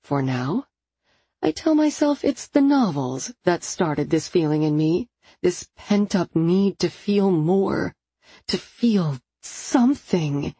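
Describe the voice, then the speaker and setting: A woman narrating a first-person romance novel in an intimate, expressive storytelling manner. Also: on the low side, slow pace, husky, dry recording. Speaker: audiobook narrator.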